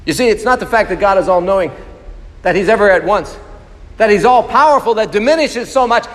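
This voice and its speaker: Pastor, male, high-pitched, emphatic, asks the room questions; long hall reverb. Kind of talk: sermon.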